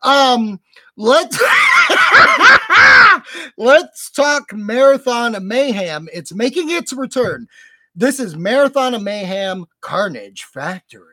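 A woman co-hosting a podcast, reading out show news and adding excited comments. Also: fairly high pitch, takes it slowly, no echo, shouting. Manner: reads announcements then adds excited comments. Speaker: podcast co-host. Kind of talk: casual chat and reading news.

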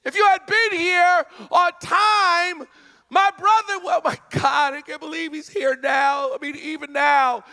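A male preacher acting out a grieving, exasperated woman who pleads and shouts at someone who came too late. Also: very high-pitched, little pitch movement, unhurried, voice pushed up, exaggerated voice. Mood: exasperated grief. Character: grieving frantic woman, upset sister.

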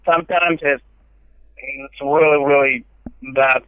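A man with a Russian accent, answering a phone call as a seller, replying in hesitant, halting bits. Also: mid-range voice, fairly even intonation, clear, resonant tone, no echo. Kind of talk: phone conversation. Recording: tinny phone line.

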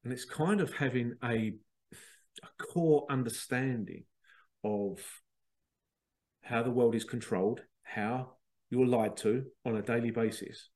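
A man's voice: medium pitch, unhurried, long pauses, a little mellow. Chatty man with a mid-range voice. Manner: chatty, rambling, acts out quotes. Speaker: podcast host. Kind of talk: casual monologue.

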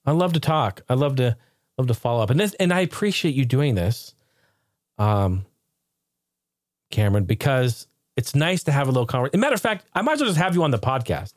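A man's voice: mid-range voice, a little fast, no echo, studio quality. A man hosting his own podcast, chatting casually and telling stories with frequent laughs. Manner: animated storyteller, laughs often. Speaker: podcast host.

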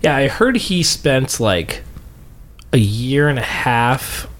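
A young man in casual chat, giving short replies and deadpan jokes. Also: medium pitch, slow.

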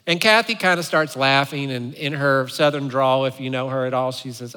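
Preaching at normal speed, this male pastor delivers a sermon in a smooth flow with hardly any pauses. His storytelling is playful and animated, and his high, bright, forceful voice echoes long through the church sanctuary.

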